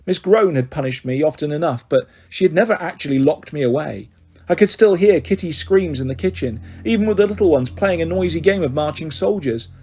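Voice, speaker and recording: A man reading a children's novel aloud in steady storybook narration. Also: fairly high pitch, a little fast, breathy edge.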